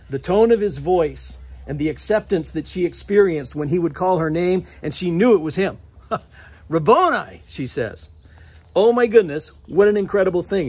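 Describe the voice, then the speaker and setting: A man's voice: sits high, darkish tone, breathy edge. A middle-aged male pastor preaching a sermon in a church, telling the story with restarts and acting out the quoted lines. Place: church sanctuary.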